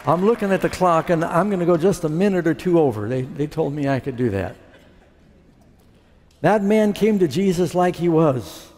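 A man's voice: fairly high pitch, animated, moderate pace, a little mellow, big-room sound, a faint crowd. A man preaching his testimony, telling his story and acting out what he said back then. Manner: storytelling, acting out his own past words. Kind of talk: sermon testimony.

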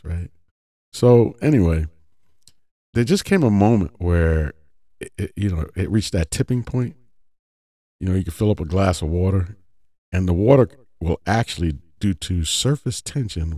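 A man's voice: low-pitched, animated, normal speed, warm tone, no room sound, studio quality. A man giving a casual religious teaching talk, conversational, often checking in with his listeners. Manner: conversational, often asks "right?".

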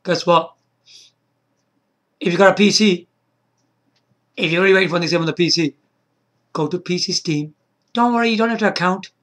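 A man making an excited casual video, beatboxing between lines and breaking into high shouts. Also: normal speed, pauses often. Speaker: YouTuber.

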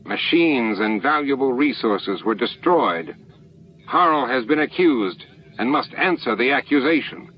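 A man's voice: medium pitch, lively intonation, a little slow, highs cut off, a little hiss or hum, voice pushed up, close to an everyday voice. A man voicing an angry male accuser and leader in a fan audiobook, growling and sneering his charges. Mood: hostile.

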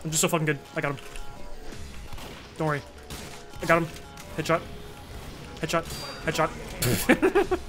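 A young man giving excitable, swearing, self-mocking commentary while he plays a game. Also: a little high, unhurried, pauses often, music in the background. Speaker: gamer. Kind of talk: casual gameplay commentary.

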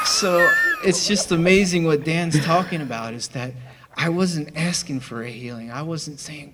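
A man telling a personal testimony in a chapel, excited and laughing often as he acts out the people in his story. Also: fairly high pitch, unhurried, few pauses, a crowd in the background, noisy background. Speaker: church member giving testimony.

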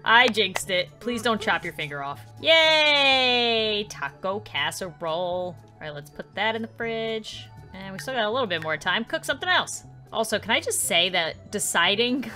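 A young woman hosting a gaming channel, giving casual, excitable commentary on her gameplay, laughing often and talking to the characters on screen. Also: medium pitch.

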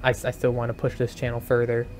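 A man giving a casual channel update as a gaming video maker, hesitant and repeating himself, calling his own voice monotone. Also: mid-range voice, fast, a little hiss or hum. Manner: hesitant, repeats words, says he sounds monotone. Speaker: gaming YouTuber.

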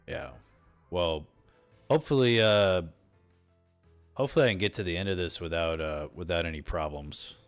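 A man's voice: deep voice, moderate pace, long pauses, clear, resonant tone, soft background music. A man hosting a casual discussion show, rambling with lots of fillers and restarts into a desktop mic. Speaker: podcast host. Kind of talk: casual chat. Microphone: desktop mic through streaming software.

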